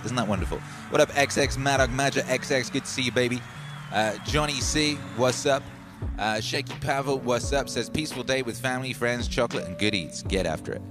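A man hosting a casual livestream, reading out viewer comments, loose and playful, swinging between loud hype and hushed musing. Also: mid-range voice. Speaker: livestream host.

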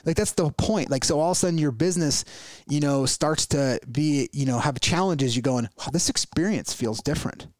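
A man's voice: a little high, moderate pace, a little mellow, no echo. A man talks through a casual motivational podcast in a slightly raised voice. He is earnest and repeats his point, slipping into quoted worried inner voices. The sound is dry and close to the mic. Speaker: podcast host.

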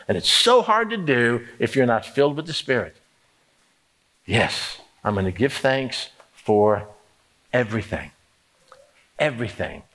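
A man's voice: medium pitch, sing-song, a little slow, long pauses, fairly bright tone. A man preaching a sermon, emphatic, acting out prayers and inner talk in the first person. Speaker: pastor.

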